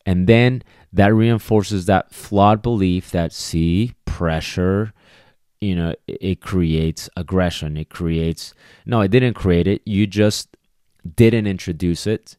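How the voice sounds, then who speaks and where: A man with a deep, low voice hosts a casual solo podcast as a dog trainer. He talks emphatically and conversationally, often checking in with "okay" and "right". The recording is dry and close to the mic. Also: fairly even intonation, takes it slowly, mellow, smooth, dry recording. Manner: acts out quoted voices of people and dogs.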